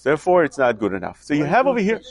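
A man teaching a Talmudic lecture, asking questions and answering them himself in an animated way. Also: fairly high pitch, very fast. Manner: animated, questioning, mixes Hebrew and Yiddish terms. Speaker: Torah teacher.

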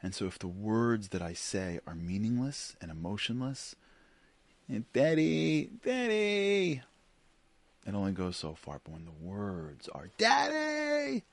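A middle-aged man giving a sermon as a Jewish teacher, telling a story in an animated way and acting out the voices. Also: low-pitched, normal speed, breathy edge, no room sound.

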